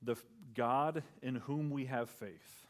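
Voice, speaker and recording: A male pastor preaching a sermon in a conversational style, acting out quoted lines and dropping to a soft near-whisper on key words. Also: medium pitch, slow pace.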